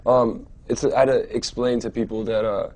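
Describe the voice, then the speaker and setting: A young adult man answering interview questions casually, rambling and relaxed, with many fillers and restarts. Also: medium pitch, normal speed. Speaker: musician being interviewed.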